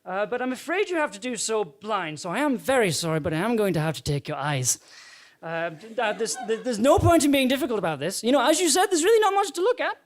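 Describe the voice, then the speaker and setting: A man's voice: sits high, very animated, fast. A man doing an apologetic sinister afterlife warden. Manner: awkward, apologetic rambling with many fillers. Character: polite but sinister male afterlife warden. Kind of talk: improvised comedy audio drama.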